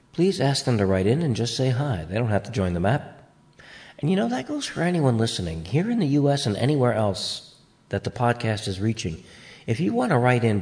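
A man's voice: medium pitch, darkish tone. Chatty, rambling podcast host man. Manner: chatty, rambling, playful asides. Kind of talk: casual podcast chat.

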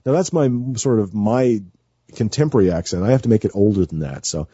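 A man's voice: on the low side, expressive, fairly quick, warm tone, slightly rough, no echo, lo-fi sound. A man chatting as a guest on a radio show, nervous and rambling with many fillers and restarts. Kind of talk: casual chat.

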